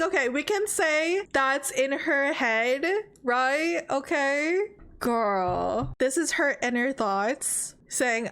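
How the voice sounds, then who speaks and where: An excitable young woman gives let's-play commentary on a game. Her voice is high, and she drawls slowly between bursts of exclamation. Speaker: gaming streamer.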